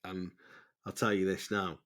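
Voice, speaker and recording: Rambling man, lowish voice. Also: little pitch movement, a little slow, fairly bright tone. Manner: loose and chatty, swears freely, stalls and laughs at himself. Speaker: podcast host. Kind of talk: casual rambling voice note.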